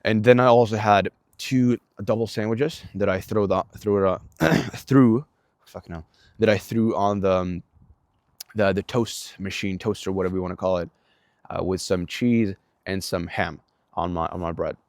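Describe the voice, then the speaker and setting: A young Swedish-accented man with a deep, low voice rambles through his day in a relaxed vlog. He talks loosely, with lots of fillers, restarts and swearing. The sound is dry and close, with no room around it. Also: normal speed, no echo. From Sweden. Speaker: vlogger. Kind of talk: casual vlog monologue.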